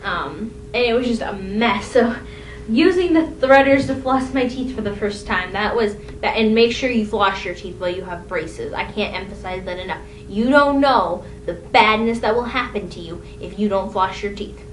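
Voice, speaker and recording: A young woman telling rambling, self-deprecating stories from her own life in a casual vlog. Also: moderate pace. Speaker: vlogger. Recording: echoey room, distant mic, faint rumble.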